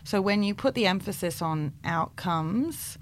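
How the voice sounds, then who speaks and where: A woman's voice: mid-range voice, unhurried, a little hiss or hum. A woman in her thirties, a clinical psychologist, explaining her views animatedly in a radio interview. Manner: animated, acts out quotes in bright voices.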